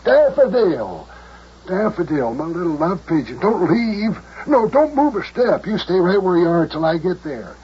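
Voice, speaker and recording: A man voices a fussy small-town mayor in an old children's radio drama, speaking a touch high with folksy rural grammar. He fusses and complains with big melodramatic sighs. The old recording sounds dull, with a faint hiss. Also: expressive, normal speed, lightly acted. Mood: frantic. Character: fussy older country mayor, blustering and lovesick.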